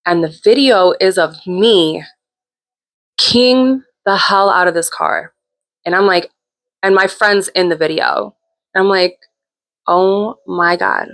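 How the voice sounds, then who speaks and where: A woman's voice: mid-range voice, measured pace, pauses often, a bit bright. A woman hosting her own show, telling a personal story in a candid, chatty way with plenty of swearing. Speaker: host. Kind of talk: casual storytelling.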